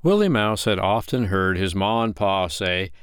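A man's voice: low voice, moderate pace, smooth, no room sound, studio quality. Man narrating a bedtime story. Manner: gentle, expressive reading. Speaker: storyteller podcast host.

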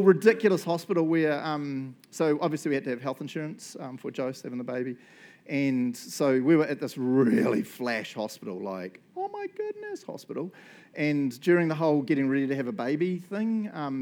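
A man, preaching a sermon as a lively storyteller who acts out what people said and often checks in with "right?". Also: medium pitch, brisk. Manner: animated, acts out quotes, frequent "right?" and "um". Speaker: pastor.

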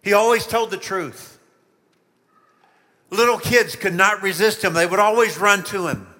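A man preaching a children's sermon, telling the story with lively emphasis and asking the listeners questions. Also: sits high, measured pace, in a large hall. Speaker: pastor.

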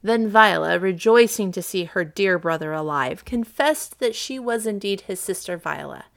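A woman narrating a classic story for listeners, expressive and acting out the characters' lines. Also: mid-range voice, normal speed, creaky.

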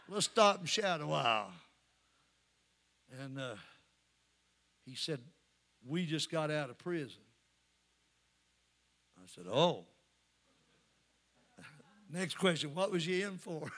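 A man, preaching a sermon and telling stories in a folksy way that rises to shouting. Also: on the high side, unhurried, long pauses. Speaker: pastor. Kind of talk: sermon with storytelling.

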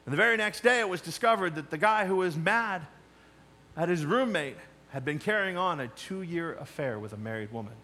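A male pastor preaching a sermon, emphatic, moving between loud challenges and quiet asides. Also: fairly high pitch, animated, fairly quick.

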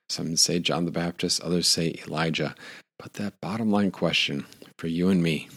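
Deep-voiced male pastor preaching. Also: fairly even intonation, normal speed, husky. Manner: conversational with fillers and restarts, laughs lightly. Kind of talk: sermon.

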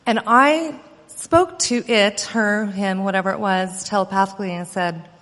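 Woman, mother, earnest storyteller, mid-pitched voice, long echoing reverb. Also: normal speed. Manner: earnest, animated telling with quoted dialogue. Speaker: mother recounting an experience. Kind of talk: personal storytelling.

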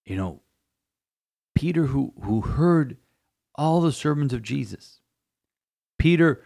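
A gravelly, darkish mid-range voice belongs to a priest who talks slowly but with lively intonation. In this homily-style podcast reflection on scripture, he is emphatic, repeats phrases, and trips up and restarts.

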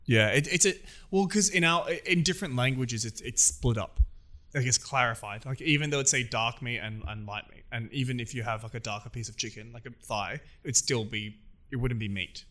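A man's voice: medium pitch, a little fast, bright, forceful tone. A man from Australia in casual chat, telling stories in a rambling way with many asides.

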